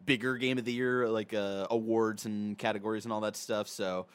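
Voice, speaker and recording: A man's voice: on the low side, flat delivery, moderate pace, smooth. A man, the producer of a gaming news show, chatting casually in a studio, hesitant and full of fillers.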